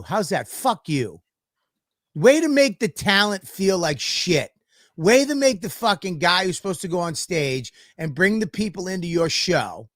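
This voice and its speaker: A man's voice: high-pitched, no echo, clean studio sound. A man co-hosting a podcast, telling a story in a profane, ranting way. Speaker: podcast co-host. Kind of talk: casual podcast chat.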